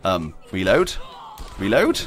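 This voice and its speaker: A man's voice: low-pitched, wildly swooping pitch, takes it slowly, fairly bright tone, soft background music. A man hosting a gaming video, chatting casually and rambling while he plays, laughing often and talking to himself. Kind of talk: casual gameplay commentary.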